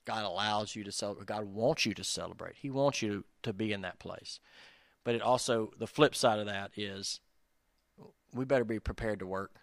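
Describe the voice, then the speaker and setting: A man's voice: on the low side, moderate pace, vocal fry, no echo, studio quality. A man preaching in a casual, conversational style, self-deprecating and speaking straight to the listeners. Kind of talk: conversational sermon.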